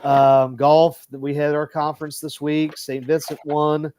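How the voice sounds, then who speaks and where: A man's voice: fairly high pitch, level tone, measured pace, darkish tone, clean tone, no room sound. A man hosting a casual sports podcast, rambling with lots of fillers and giggles. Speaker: podcast host and coach. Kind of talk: casual chat.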